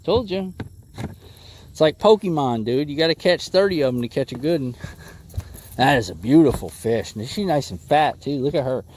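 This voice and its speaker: A man livestreaming bass fishing from a boat on a lake, chatting with viewers in an easygoing way and talking excitedly to the fish as he reels it in. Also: moderate pace, slight background noise. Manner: excitable, talks to the fish and chat. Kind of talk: casual live commentary while fishing.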